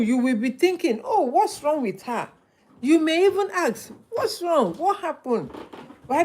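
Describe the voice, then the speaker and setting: A woman's voice: on the high side, a little mellow. A woman hosting a motivational live stream, telling stories and repeating points for emphasis.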